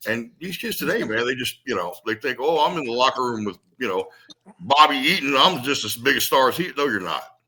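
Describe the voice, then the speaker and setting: Blunt, salty man, bright voice. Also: medium pitch, fairly quick. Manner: blunt, salty, animated storyteller. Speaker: retired wrestler guest. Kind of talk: casual storytelling chat.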